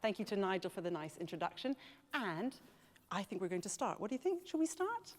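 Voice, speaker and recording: A woman teaching a live horn masterclass, chatty and enthusiastic, and she laughs easily. Her voice sits at a middling pitch. It rings with the long reverb of a large hall. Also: big pitch swings, brisk. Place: large music college hall. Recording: echoey hall.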